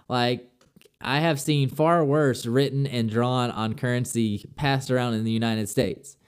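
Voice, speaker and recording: Man, young adult, smooth clear voice, mid pitch, chatty storyteller. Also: fairly even intonation, a little slow. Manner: chatty, loose storytelling with lots of "like" and "I'm like". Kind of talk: casual personal travel anecdote.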